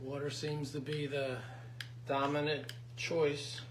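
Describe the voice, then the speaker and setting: A man's voice: a little high, completely flat delivery, slow pace. A man with a Philadelphia-area accent, co-hosting in casual chat with short, joking replies. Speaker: co-host. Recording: roomy, background noise.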